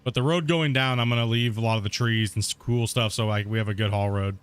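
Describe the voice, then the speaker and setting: A gaming streamer speaks quickly in a lowish, steady, clean voice, laid-back and rambling as he plays live. He reads out and answers viewer chat, tagging sentences with "right?" and "man".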